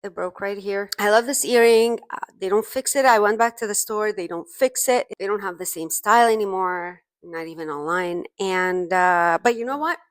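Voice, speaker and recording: A woman vlogs about her own clumsiness into a phone camera in a chatty, self-deprecating way, often laughing at herself. Her voice sits at a middle pitch for a woman. The recording is dry, with no room echo. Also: normal speed. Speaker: mom vlogger. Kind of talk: casual storytelling to camera.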